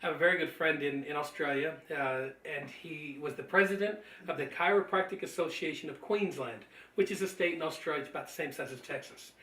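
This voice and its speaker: A man cheerfully telling animated stories about recruiting friends into his business, laughing easily. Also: a little high, brisk. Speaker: network marketing trainer. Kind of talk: storytelling testimony. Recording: echoey room, mic at a distance.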